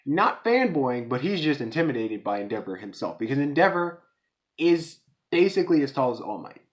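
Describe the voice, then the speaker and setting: A man giving a casual, excited episode review, talking in slang and acting out characters in quick voices. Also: medium pitch.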